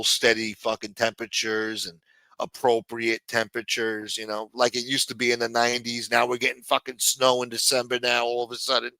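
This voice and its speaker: Rambling and profane, this livestream host keeps tagging "man" onto what he says. His medium-pitched voice comes across bright and forceful, with no room sound.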